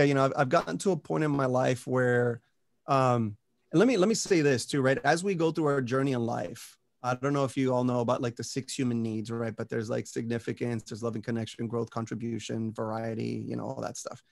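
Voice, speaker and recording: A man's voice: mid-range voice, a little fast, creaky, dry recording. A man speaking as a podcast interview guest, talking with motivational energy and often checking in with "right?" and "you know". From Puerto Rico and the US. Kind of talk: casual podcast conversation.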